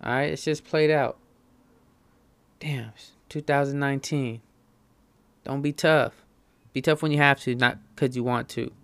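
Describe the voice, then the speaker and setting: A man's voice: mid-range voice, fairly even intonation, unhurried, long pauses, slight background noise. A man hosting a comic monologue, rambling in slangy, profane talk.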